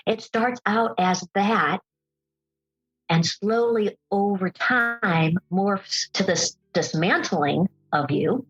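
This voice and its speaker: A woman appears as a podcast guest and tells a personal story earnestly and emphatically, slowing down on key phrases. Her voice is medium-pitched, fairly bright and husky, and the audio sounds dull.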